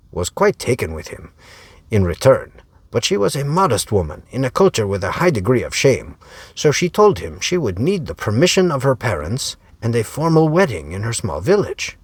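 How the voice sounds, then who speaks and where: A man's voice: lowish voice, breathy edge, no room sound. A man as an author reading his own serial novel aloud, narrating in a wry storytelling way. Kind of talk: audiobook narration.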